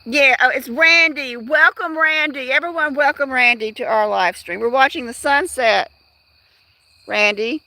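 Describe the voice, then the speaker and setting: A woman's voice: high voice, a little slow, pushed and bright, dry recording. A woman hosting a casual outdoor livestream at dusk, rambling chattily and talking straight to her viewers. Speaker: livestream host.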